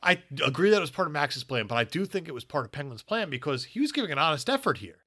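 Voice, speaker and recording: A podcast co-host with a fairly high, sing-song voice talks fast in a bright, forceful tone. He recaps a movie in casual, jokey chat, arguing points and laughing often.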